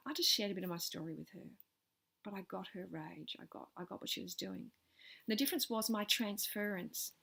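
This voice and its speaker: A middle-aged woman telling a personal story in a vlog, earnest and animated, her voice swelling with intensity and then sinking almost to a whisper. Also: medium pitch, vocal fry. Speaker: vlogger sharing personal stories.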